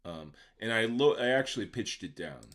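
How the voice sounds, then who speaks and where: A man's voice: on the low side, lively intonation, moderate pace, fairly bright tone. A man producer explaining how he built a beat, in a casual step-by-step tutorial that keeps checking in with the listener. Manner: conversational, checks in with the viewer by asking "right?". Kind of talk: casual software tutorial walkthrough.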